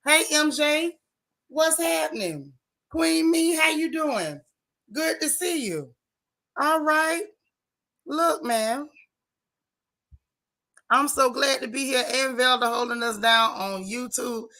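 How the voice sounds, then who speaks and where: A woman hosting a casual livestream, greeting viewers one by one in a lively, down-home way. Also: high voice, slow pace, pauses often. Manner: lively, Southern-tinged casual talk with chat shout-outs. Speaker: livestream host.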